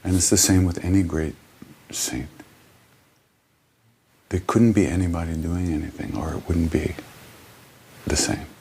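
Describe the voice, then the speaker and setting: A man in an interview, reflectively telling spiritual stories in an earnest, halting way with many restarts. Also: low-pitched, steady tone, a little mellow, slight background noise. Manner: earnest storyteller. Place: small hotel.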